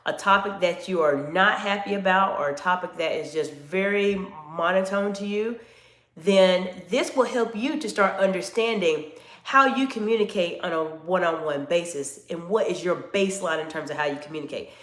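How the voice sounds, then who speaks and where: A woman's voice: on the low side, normal speed, fairly bright tone, reverberant. A woman coaching live-stream viewers on communication, speaking directly to them in an instructive way and reading out their chat comments.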